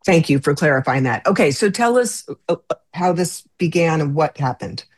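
Woman host, interviewer, lower voice, dry close sound, sympathetic and stumbling over words. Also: lively intonation, moderate pace, breathy edge, no echo. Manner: effusive, stammering, sympathetic questioning.

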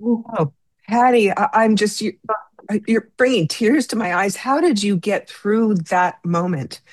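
A woman's voice: medium pitch, a little slow, no echo. A woman hosting an interview, asking questions in an effusive, stammering, sympathetic way. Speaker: interviewer host.

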